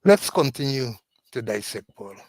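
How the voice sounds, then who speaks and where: Slow, halting male co-host. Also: mid-range voice, big pitch swings, no echo, rough recording. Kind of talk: political commentary.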